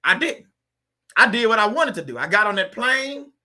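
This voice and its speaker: A man speaks as host of a faith-based channel, in a loose, conversational style that turns preachy. He asks his viewers rhetorical questions and talks right at them. His voice sits high and has a very bright, sharp edge. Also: big pitch swings, normal speed. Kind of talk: casual preachy commentary.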